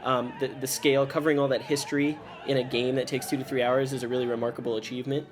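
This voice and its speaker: A man's voice: mid-range voice, flat delivery, fast talker, crowd noise. Man reviewing games, thoughtful and hedging. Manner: thoughtful, hedging, searching for words. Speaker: co-host of a board game review show. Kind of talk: casual review chat.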